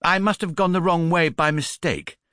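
A man's voice: a little high, moderate pace, fairly bright tone, dry recording, studio quality, pitched above the performer's own voice, close to an everyday voice. A man doing Paddington, a flustered little bear. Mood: earnest. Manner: muffled, stammering. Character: polite young male bear, earnest and flustered.

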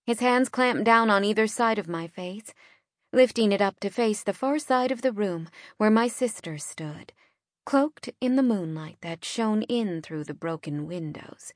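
This is a dry, close studio recording of a woman narrating a first-person audiobook. Her medium-pitched voice is expressive and unhurried, and her storytelling is tense and dramatic, with hushed drops.

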